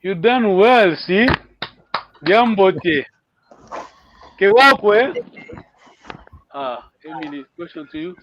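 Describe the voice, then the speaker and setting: High-voiced man teaching a language lesson. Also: lively intonation, slow pace, long pauses, dull audio, a little hiss or hum. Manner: encouraging, repeats words for learners, hesitant fillers. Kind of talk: live online language lesson.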